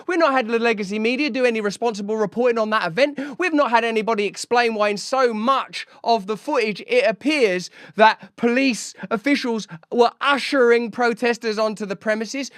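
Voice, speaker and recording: Sardonic English man, high voice. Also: fairly bright tone, smooth, no room sound, clean studio sound. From England. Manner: mocking, sardonic, quick asides. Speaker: host. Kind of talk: satirical political commentary.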